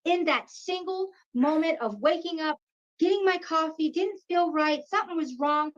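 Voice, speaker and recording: A woman in her fifties telling a personal story in an animated way, acting out what people said. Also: very high voice, normal speed. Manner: animated, acts out quoted voices. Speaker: guest. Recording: dull lo-fi sound.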